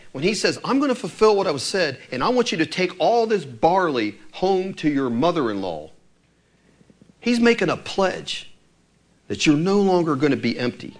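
A man preaching a sermon, retelling scripture stories with animated delivery and acting out the lines of the people in them. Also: medium pitch.

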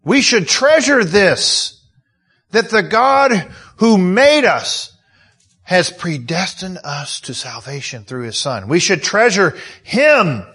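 Male pastor, sermon, bright voice, slow deliberate delivery, emotional, rhetorical questions. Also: high-pitched, very animated, breathy edge.

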